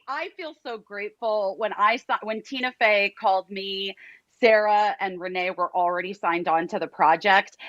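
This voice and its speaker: An actress talking as a guest on a chat show, emotional and excitable. The recording is dry and a little dull, with the top end muted. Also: female voice, mid-range voice, no echo. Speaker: guest actor. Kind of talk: casual interview chat.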